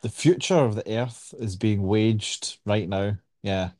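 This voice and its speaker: A man's voice: lowish voice, slow pace, dark tone, no room sound. A Scottish man co-hosting a podcast in casual chat, dry, wry and opinionated. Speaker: podcast co-host.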